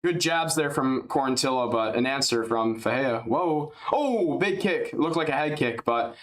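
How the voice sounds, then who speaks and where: A man giving casual, rambling live play-by-play commentary on a fight, chatty and jumping up in excitement at big strikes. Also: mid-range voice, moderate pace. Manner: drowsy and yawning at times.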